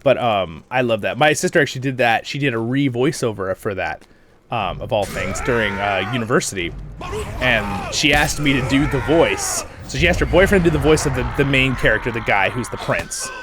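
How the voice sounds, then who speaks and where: A man, host of a game voice-over channel, chatting casually and rambling while he plays, laughing often and swinging from quiet asides to loud bursts. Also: mid-range voice, expressive, fairly quick, background noise.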